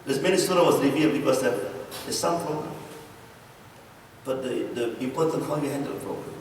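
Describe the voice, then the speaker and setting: A man's voice: mid-range voice, brisk. A man giving an informal sermon as imam, speaking simple English with dropped articles and joking with the audience. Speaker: imam giving a weekly talk. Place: mosque hall. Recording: echoey hall from far off, faint noise.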